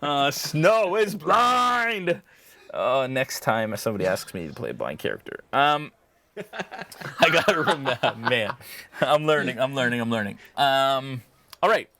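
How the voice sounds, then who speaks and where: A man running a tabletop game as dungeon master, narrating with animated energy. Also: mid-range voice, moderate pace, no echo.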